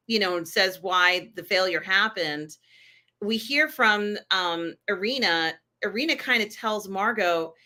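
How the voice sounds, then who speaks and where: A woman reviewing a TV episode in casual conversation with a co-host. Her voice is bright and forward, and she talks eagerly with plenty of fillers and restarts. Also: medium pitch. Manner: chatty, enthusiastic, many fillers. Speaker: podcast co-host.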